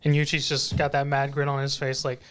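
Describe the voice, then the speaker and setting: A man co-hosting an anime podcast in a relaxed way, swearing and retelling scenes with quoted lines. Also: mid-range voice, fairly quick, smooth. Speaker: podcast co-host. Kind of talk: casual anime recap chat.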